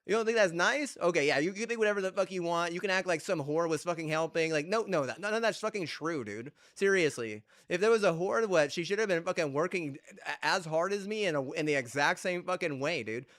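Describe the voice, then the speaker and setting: A man's voice: fairly high pitch, animated, a little fast, hardly any pauses, fairly bright tone. A man streaming a game, ranting heatedly and profanely, with repeated rhetorical questions. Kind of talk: ranting chat while gaming.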